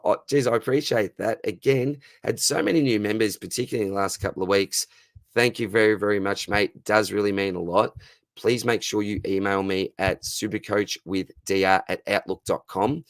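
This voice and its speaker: A man in his thirties with an Australian accent, hosting a casual live Q&A, chatty and friendly, his voice going a bit hoarse. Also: deep voice, no room sound. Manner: friendly, says "mate" constantly. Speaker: fantasy football livestream host. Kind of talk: casual live Q&A, reading chat questions.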